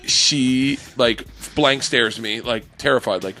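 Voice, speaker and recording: A young man telling a long story as a podcast guest, rambling and animated with bursts of loud laughter. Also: medium pitch. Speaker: comedian guest.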